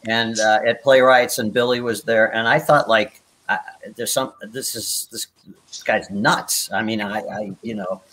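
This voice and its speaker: This older man, a guest performer on a video call, spins anecdotes in a meandering way, restarting often and chuckling at his own tales. He talks unhurriedly in a fairly low, steady, fairly bright voice.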